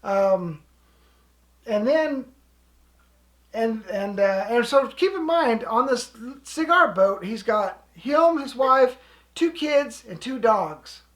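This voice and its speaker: A woman's voice: on the high side, expressive, slow. A woman casually telling a story in a chatty, rambling way, with frequent restarts. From living in Alaska. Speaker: co-host.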